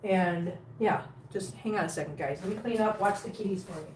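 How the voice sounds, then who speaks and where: A woman vlogger chatting casually on a livestream at home, cleaning up and coaxing her cats out with high sing-song baby talk. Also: a little fast. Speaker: cat vlogger. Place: home hallway. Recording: roomy, from a distance, faint background noise.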